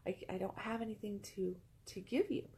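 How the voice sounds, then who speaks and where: A woman's voice: medium pitch, steady tone, a little fast, dark tone, natural voice. A woman voicing a naive, eager male songbird in a spoken fable, easily tempted and trusting. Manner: wide-eyed and easily tempted.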